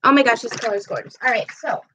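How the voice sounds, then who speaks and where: A woman with a slightly high voice chats casually during a live makeup stream. She meanders from one thing to the next while applying products, speaking into her camera at home. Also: fast talker, very noisy. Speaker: livestream host. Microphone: camera mic on a live stream.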